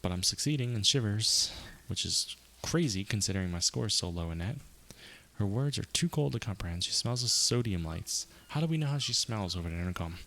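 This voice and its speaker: A man's voice: on the low side, animated, a little fast, a bit bright. A man streaming a live game playthrough, reading the on-screen text aloud with wry, chatty asides.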